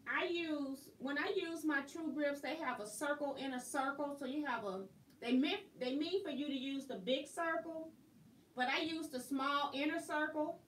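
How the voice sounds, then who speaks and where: A woman hosting a casual live quilting tutorial, chatty and quick to laugh. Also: high voice, a bit bright. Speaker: quilting instructor and host. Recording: roomy, distant mic, faint noise.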